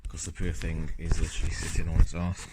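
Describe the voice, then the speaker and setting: A man talking casually through his car-repair video diary on a handheld phone camera, relaxed and rambling with lots of fillers. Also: extremely low pitch, fast, heavy background noise. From Scotland.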